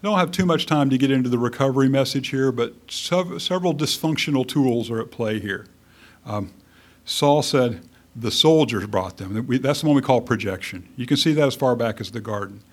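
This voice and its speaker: A man's voice: medium pitch, a little fast. A man preaching a conversational sermon, casual and lightly humorous, often correcting himself mid-sentence.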